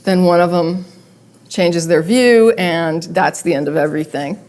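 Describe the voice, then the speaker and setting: A woman giving a public talk, speaking conversationally with wry asides and animated emphasis. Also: on the low side, measured pace. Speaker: guest speaker. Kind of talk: public talk with read-aloud letters.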